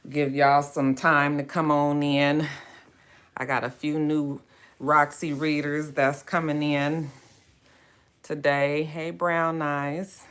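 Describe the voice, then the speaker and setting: Low-voiced woman chatting on a livestream. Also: flat delivery, slow pace, fairly bright tone, smooth. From West Coast of the United States. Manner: greets viewers by name, chatty and drawling. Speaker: book club host. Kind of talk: casual livestream chat.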